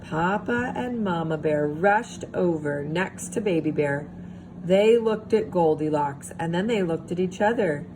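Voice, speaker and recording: A woman teacher reads a storybook aloud slowly, her pitch rising and falling in lively swings. She pauses often to ask the young children gentle questions. A steady hiss runs under her voice. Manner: expressive, asks the children questions.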